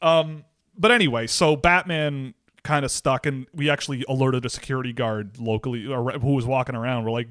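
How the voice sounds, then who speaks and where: A man's voice: mid-range voice, fairly quick, fairly bright tone, dry recording, clean studio sound. A young man co-hosting a casual hockey chat show, rambling through anecdotes and often cutting himself off mid-sentence. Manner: rambling, storytelling, self-interrupting. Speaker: podcast co-host.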